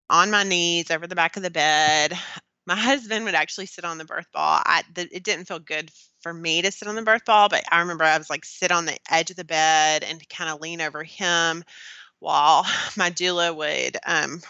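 A woman's voice: lowish voice, bright, forceful tone, clean tone, no room sound, lo-fi sound. A young woman telling her own birth story in a casual, earnest way, often saying "like" and "kinda" and restarting her sentences.

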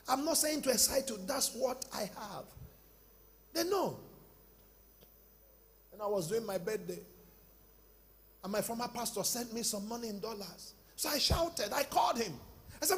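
A man preaching a sermon as pastor, swinging between loud shouted bursts and quieter, slower passages. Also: very high voice, lively intonation.

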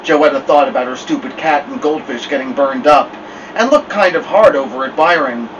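A man reading a children's novel aloud with expressive storytelling. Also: mid-range voice, moderate pace, recorded from a distance, dull audio, background noise. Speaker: storybook reader.

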